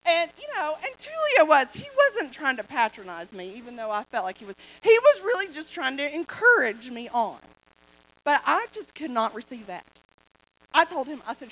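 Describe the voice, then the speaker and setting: Woman preacher, high bright voice, animated testimony, lots of repeated phrases. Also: moderate pace, low-quality recording. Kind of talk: sermon testimony.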